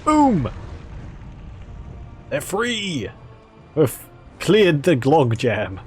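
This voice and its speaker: A man's voice: on the high side, huge pitch swings, very slow, long pauses, soft background music. A man casually commenting on a strategy game, chatty and rambling, with jokey asides. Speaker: gameplay commentator.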